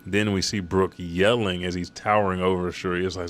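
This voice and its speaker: A man's voice: deep voice, level tone, brisk, few pauses. A man casually recapping a manga chapter, rambling and swearing as he goes.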